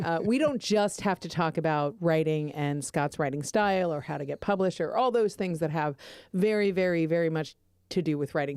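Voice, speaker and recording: A woman's voice: deep voice, darkish tone, clean tone, no room sound, clean studio sound. A woman co-hosting a podcast in casual chat, rambling and chatty. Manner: rambling, chatty, laughs often. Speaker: podcast co-host.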